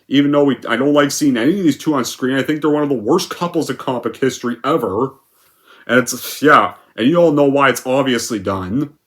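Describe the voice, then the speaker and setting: A man's voice: medium pitch, fairly bright tone. A young man giving a sarcastic, profane, rambling movie rant with lots of filler words. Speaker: movie reviewer.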